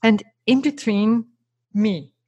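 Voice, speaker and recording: A woman's voice: a little high, takes it slowly, dark tone, husky, dry recording. A middle-aged woman, not a native English speaker, telling her career story earnestly on a podcast as a guest speaker. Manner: earnest, emphatic, asks rhetorical "right?". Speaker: guest, keynote speaker and trainer.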